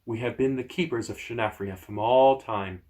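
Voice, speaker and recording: A man voicing an ancient elemental guardian made of living ice, speaking slowly and quietly in a grave tone. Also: medium pitch, close to an everyday voice. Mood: solemn. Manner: slow, hushed, solemn.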